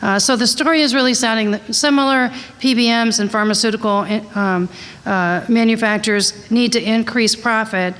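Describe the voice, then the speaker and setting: A woman's voice: on the high side, fairly even intonation, normal speed, fairly bright tone. Woman talking through slides at a conference, chatty and frank, lots of ums, voice ringing around a big hall. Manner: candid, chatty, with many fillers and asides. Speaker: conference presenter on drug costs. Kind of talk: conversational slide presentation. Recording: long hall reverb.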